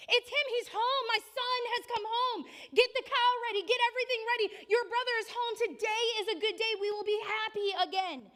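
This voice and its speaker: A woman voicing an old father who shouts with joy, then speaks softly and gently to his son. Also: extremely high pitch, fairly even intonation, a little fast, hardly any pauses, pitched above the performer's own voice. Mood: overjoyed shouting. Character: elderly father, overjoyed then tender.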